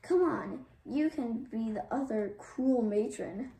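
A bossy little girl shrieks commands, her voice pitched up and loud, as a woman reads her aloud. The sound is roomy and taken from a distance, with a faint hiss beneath it. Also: slow pace, gravelly. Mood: bossy, cruel. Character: bossy, fierce young girl playing a cruel matron.

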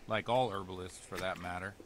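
A man's voice: low-pitched, steady tone, fairly quick, slight background noise, close to an everyday voice. A man voicing a grave, preachy village priest. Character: worried, stern middle-aged male village priest. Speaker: video game character. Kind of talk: game character dialogue.

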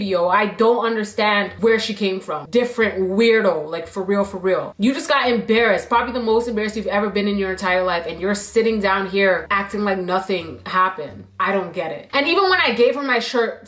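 A young woman telling a storytime in a casual chat, blunt and slangy and animated, cursing freely. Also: medium pitch. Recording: roomy echo.

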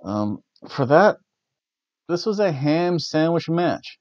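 A man's voice: a little high, big pitch swings, slow, no room sound. A man hosting a casual wrestling review, rambling and correcting himself with the odd chuckle. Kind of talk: casual spoken event review. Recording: dry, slightly dull lo-fi audio.

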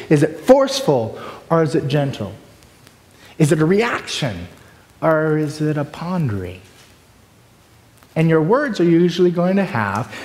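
This is a conference lecture with demonstrations, delivered by a man who leads preaching workshops. He sits on the higher side in pitch and stays expressive, moving from loud outbursts to quiet asides, all captured far off in a big, reverberant hall.

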